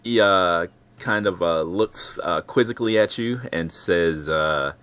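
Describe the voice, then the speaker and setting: A man narrating as game master of a tabletop role-playing game, talking with many fillers and pauses. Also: low-pitched, fairly bright tone, dry recording. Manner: hesitant, many fillers, voices a gruff ship captain in quotes.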